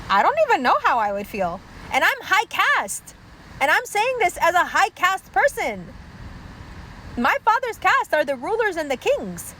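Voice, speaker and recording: A woman's voice: high voice, slight background noise, rough recording. A woman from Pakistan ranting heatedly on her vlog, taunting and mocking listeners and swearing constantly. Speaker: vlogger. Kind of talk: heated profane rant.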